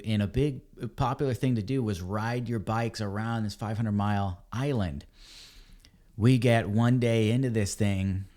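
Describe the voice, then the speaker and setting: A man, a podcast guest, telling a story in a casual, animated way and calling people dude and man. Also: mid-range voice. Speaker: podcast guest, ebike company cofounder.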